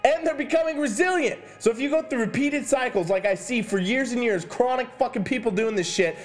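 Fitness coach rant: high-pitched man, cursing and emphatic, faint music behind. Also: fairly quick. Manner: swearing, emphatic, addresses "ladies and gentlemen". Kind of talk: profane fitness rant to camera.

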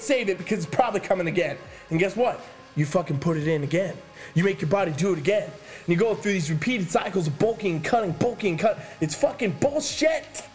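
A man ranting about fitness to his viewers, swearing often and stressing his points hard. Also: sits high. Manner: swearing, emphatic, addresses "ladies and gentlemen". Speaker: fitness coach. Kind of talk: profane fitness rant to camera.

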